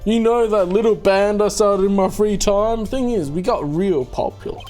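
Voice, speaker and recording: A man voicing a smooth young rock-star prosecutor in a game, laid-back and tossing in German words. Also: sits high, moderate pace, darkish tone, faint music behind, lightly acted.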